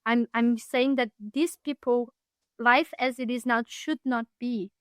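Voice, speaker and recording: A young woman with a fairly high voice speaks reflectively as a podcast guest. She pauses often and restarts her phrases while she searches for words. The sound is close and dry. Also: steady tone, clear, resonant tone, no echo. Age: young adult. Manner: thoughtful, halting, frequent restarts. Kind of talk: reflective personal storytelling.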